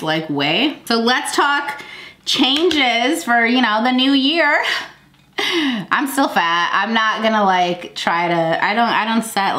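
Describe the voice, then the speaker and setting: A woman's voice: mid-range voice, fairly bright tone, roomy sound. A woman in her thirties with a cold and a stuffy nose, chatting casually to her viewers in a rambling way and laughing often. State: congested from a cold. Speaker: vlogger. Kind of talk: casual sit-down chat.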